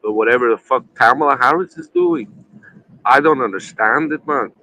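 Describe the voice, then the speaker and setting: A man's voice: medium pitch, animated, moderate pace, bright, forceful tone, a little hiss or hum, poor audio. A man hosting a casual livestream panel, rambling and swearing a lot, still drunk from the night before. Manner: profane, rambling, tipsy. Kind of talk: casual drinking chat.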